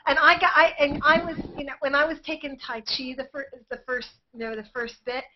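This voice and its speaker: A woman recounts stories animatedly in a group call, often breaking into laughter. Her voice sits a little high. The audio is dull and lo-fi. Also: brisk, slight background noise.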